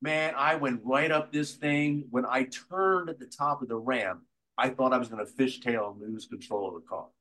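Man, actor guest, bright voice, animated anecdotes, stop-start phrasing. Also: mid-range voice, normal speed. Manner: animated, restarts sentences often. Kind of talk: casual interview storytelling.

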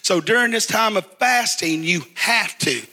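A man's voice: high voice, unhurried, bright, forceful tone. A middle-aged man preaching a sermon as pastor, who has the congregation repeat phrases after him. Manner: call-and-response preaching, asks the crowd to repeat.

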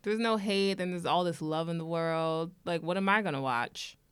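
A woman's voice: on the low side, moderate pace, smooth, dry recording. A woman co-hosting a casual podcast, answering with blunt, teasing humor. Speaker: podcast co-host. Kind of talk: casual chat.

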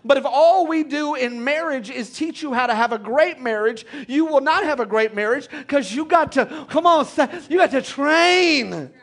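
A man with a very high voice preaches with energy, urging his congregation to respond. He drives his points home with repetition. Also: moderate pace, hardly any pauses. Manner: animated preacher, calls out to congregation. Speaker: pastor. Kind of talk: sermon.

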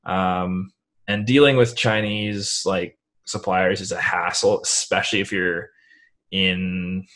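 A man with a deep, low voice talks through his answers in a relaxed interview. His delivery is loose and meandering, full of casual fillers. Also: takes it slowly. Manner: relaxed, rambling, many "like" fillers. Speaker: guest, online seller.

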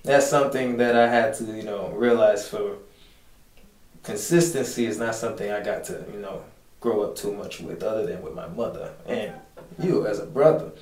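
Low-voiced male co-host, earnest and filler-heavy, distant roomy mic. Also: fairly even intonation, normal speed, darkish tone, a little hiss or hum. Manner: earnest, many fillers like "you know". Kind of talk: heart-to-heart conversation.

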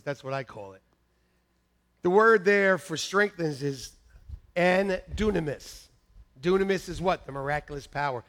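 A man preaching a lively sermon in a church, laughing and repeating lines to the congregation, shouting some quotes. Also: a little high, creaky. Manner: shouts mock-angry quotes at peaks. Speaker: pastor.

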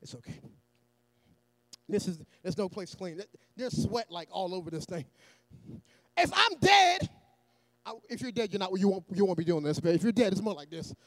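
A man preaching a sermon in a church, energetic and often shouting, with joking asides to the congregation. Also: high voice, brisk, dry recording.

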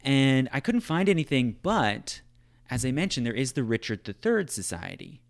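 A gravelly, mid-range male voice moves at normal speed with a sing-song lilt. The speaker chats about history in a relaxed, filler-heavy way, repeatedly saying "right?" and "like".

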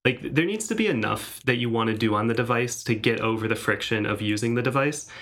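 A man co-hosting a podcast, talking casually and hesitantly with many pauses. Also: medium pitch, animated, fairly bright tone. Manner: hesitant, many fillers and restarts. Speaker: podcast co-host. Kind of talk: casual tech chat.

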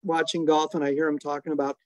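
A man's voice: fairly high pitch, little pitch movement, fast talker, dry recording. Middle-aged man telling a story, dry sound. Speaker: storytelling guest, father. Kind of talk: relaxed anecdotal storytelling.

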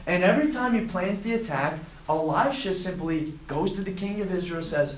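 A man preaching to students, retelling a scripture story and acting out the quoted lines with lively emphasis. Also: high voice, brisk, hardly any pauses, reverberant, slight background noise, poor audio. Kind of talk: sermon to a student group.

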